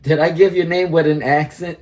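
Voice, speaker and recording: A man's voice: fairly high pitch, steady tone, a little fast, darkish tone. A man with a New York accent giving an upbeat, encouraging live tarot reading and answering viewers' questions. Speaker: tarot reader.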